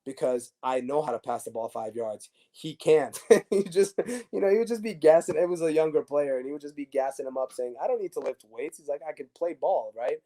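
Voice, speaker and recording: A man's voice: fairly high pitch, fairly quick. A man, a former pro soccer player, telling stories casually as an interview guest and acting out the dialogue. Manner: animated storyteller acting out dialogue.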